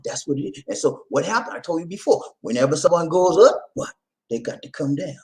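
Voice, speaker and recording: A man giving casual video commentary, animated and repetitive, laughing often and speaking straight to his viewers. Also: on the high side, fairly quick.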